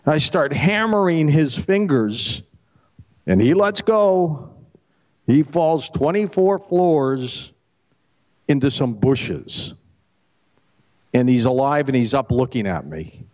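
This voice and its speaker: Middle-aged male host, stage joke-teller, lively swooping delivery, plays every character. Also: slow pace, long pauses. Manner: animated, acts out the characters with pitch jumps. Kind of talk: live stage joke-telling. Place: festival stage before an audience.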